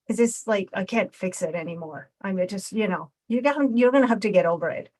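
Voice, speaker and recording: Woman doing a male raccoon puppet, middle pitch, snappy comebacks. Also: fairly quick, darkish tone, close to an everyday voice. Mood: defensive. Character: male raccoon puppet, brash then apologetic.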